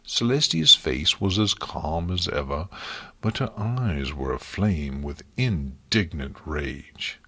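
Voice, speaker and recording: A man narrating an audiobook story in a measured storytelling manner. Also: rumbling low, expressive, bright, forceful tone, breathy edge, no echo. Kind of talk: scripted narration.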